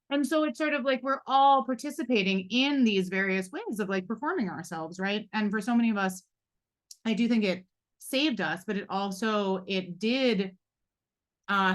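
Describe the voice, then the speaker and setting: A medium-pitched, fairly bright voice belongs to a woman in her forties leading a live panel discussion. She moderates reflectively, often adding fillers and asides.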